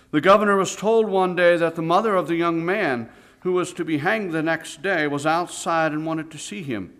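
A preacher tells a sermon story in a somewhat high male voice. He drops to a hush, then rises loud for the dramatic moments. His delivery is theatrical and earnest. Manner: dramatic, swings between hushed and loud.

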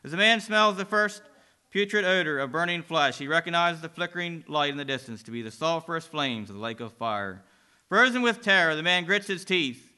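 A man narrating a dramatic religious story, swinging between loud and hushed delivery. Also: a little high, clear, resonant tone.

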